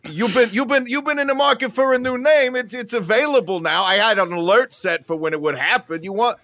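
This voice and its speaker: A man doing an improv comedy sketch, hurried and a bit nervous. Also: very high voice, sharp tone, dry recording, studio quality.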